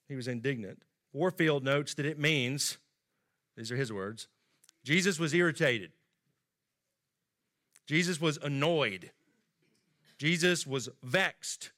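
A man's voice: fairly high pitch, a bit bright. A man preaching a sermon in a conversational way, acting out the quoted lines with rising emphasis.

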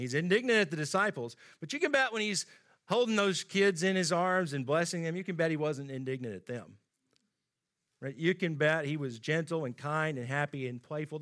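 A man's voice: fairly high pitch, fairly bright tone. A man preaching a sermon in a conversational way, acting out the quoted lines with rising emphasis.

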